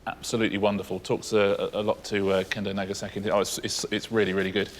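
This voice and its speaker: A man's voice: fairly low pitch, level tone, fast, slight background noise. A man co-hosting a TV quiz show, chatty and enthusiastic as he explains the answers. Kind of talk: game show chat. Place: TV studio.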